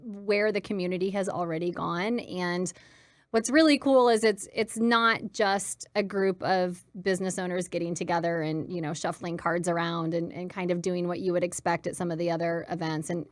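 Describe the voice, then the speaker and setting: A woman talking as a guest on a studio talk show, lively and chatty with self-deprecating humor. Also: fairly low pitch, moderate pace, dry recording. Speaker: guest, co-founder. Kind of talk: casual studio interview.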